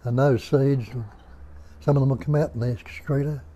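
An older man with an Australian accent, giving a slow, musing spiritual talk at home and putting rhetorical questions to his listeners. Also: medium pitch, steady tone, dark tone. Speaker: spiritual teacher. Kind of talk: unhurried nondual teaching talk. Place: indoor room at home.

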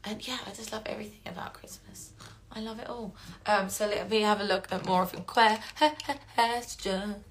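A woman's voice: medium pitch, normal speed, fairly bright tone, a little hiss or hum. A woman with an English accent chatting casually to fans on a live-stream Q&A, rambling, swearing freely and getting emotional. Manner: gets emotional and laughs often. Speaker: voice actress hosting a fan Q&A stream.

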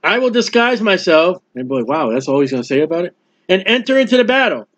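Animated man preaching, lo-fi recording. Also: high-pitched, fast talker. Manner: animated, acts out biblical characters, quotes scripture. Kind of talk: expository Bible sermon. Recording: dull lo-fi recording.

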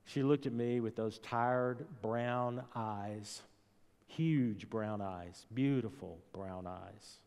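A male pastor preaching a sermon, telling stories slowly and deliberately and building repeated refrains. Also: on the low side, darkish tone, clear, resonant tone. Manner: slow, deliberate storytelling delivery with rising repeated refrains. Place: church sanctuary. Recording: long church hall reverb.

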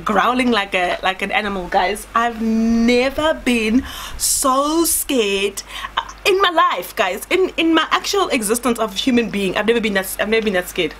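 A young woman from South Africa telling a dramatic story in a chatty, animated way, often calling her viewers "guys". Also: a little high, moderate pace, a little hiss or hum. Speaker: vlogger. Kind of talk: storytime vlog.

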